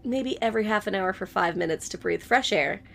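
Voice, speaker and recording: A woman's voice: medium pitch, animated, brisk, creaky, fairly bright tone, slight background noise. A woman co-hosting a podcast in casual chat, blunt and teasing, laughing often. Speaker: podcast co-host.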